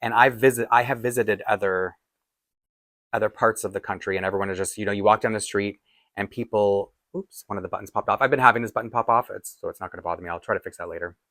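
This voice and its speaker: Chatty man, low voice. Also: fairly even intonation, fast talker, a bit bright, no echo. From Toronto, Canada. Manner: rambling, self-deprecating, chuckles often. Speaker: doll collector vlogger. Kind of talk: casual chat.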